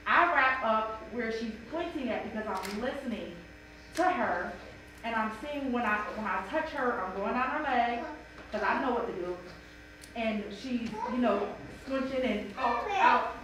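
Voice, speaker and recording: A mother sharing a personal story at a church bible study, animated and emotional, acting out what people said. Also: on the high side. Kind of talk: personal testimony in a group discussion. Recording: echoey room from far off, noisy.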